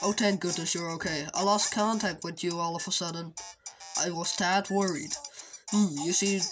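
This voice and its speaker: A chatty, fatherly old scientist, read aloud by a woman checks on his helper in a lowish, easygoing voice. Loud game music plays under the dialogue. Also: close to an everyday voice. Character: fussy old male scientist guiding the hero.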